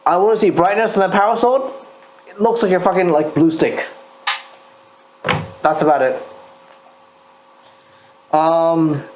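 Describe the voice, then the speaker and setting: A drunk man co-hosting a casual chat, tipsy and loud, swearing freely. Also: high-pitched, a little slow, long pauses, slight background noise, rough recording. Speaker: co-host reviewing painted miniatures.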